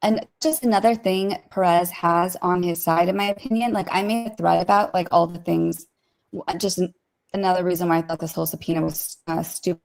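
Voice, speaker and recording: A woman co-hosting a casual livestream, talking through court filings in a rapid, opinionated way with many fillers. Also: lowish voice, steady tone, creaky, a little mellow. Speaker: co-host discussing court filings.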